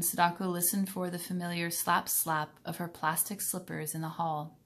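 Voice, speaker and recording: A woman reads a children's novel aloud at a calm, steady pace. Her voice sits on the lower side, and her storytelling stays even and unhurried. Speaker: reader.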